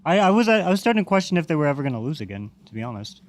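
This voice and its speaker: A man's voice: on the high side, big pitch swings, rapid-fire. A man co-hosting a casual sports podcast, telling stories and teasing his friends in an easygoing way. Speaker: podcast co-host.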